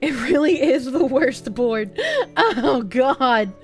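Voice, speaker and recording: A woman's voice: sits high, expressive, slow pace, soft background music. A woman streamer chatting casually and reading chat messages, with crude, laughing, incredulous reactions.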